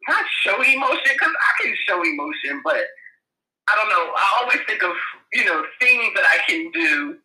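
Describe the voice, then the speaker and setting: Soft, hesitant woman in an echoey room. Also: medium pitch, very animated, moderate pace. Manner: soft-spoken, hesitant, reflective, laughs often. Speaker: podcast co-host. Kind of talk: casual conversation.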